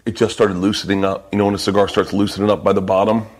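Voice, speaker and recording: A man's voice: fairly low pitch, level tone, racing, a little mellow. A man hosting a podcast, telling stories in a loose, profane, joking way. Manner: profane, storytelling. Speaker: podcast host; stand-up comedian. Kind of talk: casual chat.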